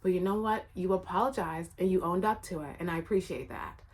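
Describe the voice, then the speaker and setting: A woman voicing a patient, kind male middle school teacher who speaks in a calm, gentle way. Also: fairly low pitch, brisk, close to an everyday voice.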